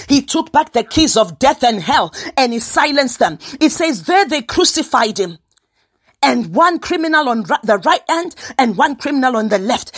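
A woman leading a fervent morning prayer sermon, repeating phrases with frequent "uh" fillers and sometimes drifting into sung lines. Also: sits high. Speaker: prayer leader.

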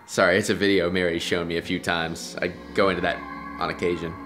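A woman's voice: extremely low pitch, flat delivery, fast talker, over music. A woman hosting a boozy movie reaction, giggling, swearing and sing-songing jokes. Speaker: reaction video host. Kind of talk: drunken movie reaction commentary.

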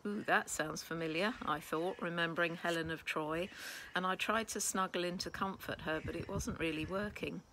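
A woman reading a children's storybook aloud with expressive first-person narration. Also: on the low side, normal speed, slight background noise, poor audio. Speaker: children's book reader.

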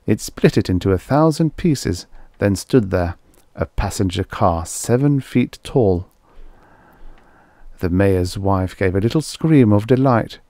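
A man with a low, dark voice reads a vintage story aloud as scripted audiobook narration, giving it a wry first-person telling. There is no echo.

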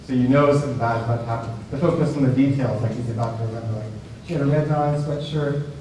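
A male professor leading a class discussion, animated and full of restarts and questions to the students. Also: mid-range voice, very fast, a little hiss or hum. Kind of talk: discussion-led class talk. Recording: echoey hall heard from a distance.

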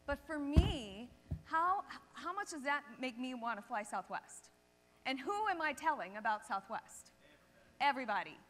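A woman chiropractor giving a seminar talk, telling lively anecdotes and checking in with the audience. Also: high-pitched, normal speed. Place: seminar hall stage. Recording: long reverb of a seminar hall.

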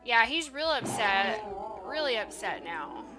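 A woman's voice: on the high side, animated, unhurried, over music. A woman doing casual gameplay commentary, reacting with dismay and talking to the characters on screen. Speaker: let's play host.

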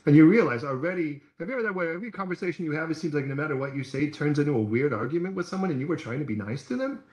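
A man's voice: fairly high pitch, animated, racing, a little mellow, reverberant, rough recording. A man preaching a sermon as pastor, talking in a conversational, storytelling way. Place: church hall.

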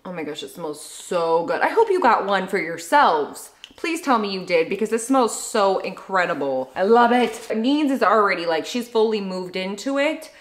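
A young adult woman chatting casually to camera at home as she opens fan mail, gushing and excitable. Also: medium pitch, normal speed, hardly any pauses, roomy sound. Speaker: vlogger opening fan mail.

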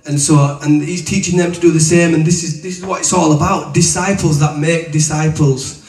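A man preaches in a loose, colloquial storytelling way, his voice sitting a little high. He is heard from some distance off the mic. The room around him rings with echo. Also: fairly even intonation, moderate pace, a little mellow. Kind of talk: testimony and teaching. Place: room with an audience. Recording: echoey room, voice from away from the mic.

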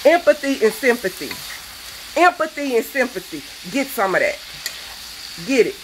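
A woman's voice: on the high side, sing-song, normal speed, background noise. A woman, a cooking show host, delivering a fervent, preachy rant that scolds her viewers. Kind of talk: impassioned vlog rant.

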